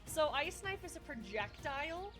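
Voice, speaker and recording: Chatty dm lady, bit high voice, music playing behind her. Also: sing-song, moderate pace, a bit bright. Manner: chatty, laughing, lots of fillers. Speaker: dungeon master. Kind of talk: narrating a tabletop game.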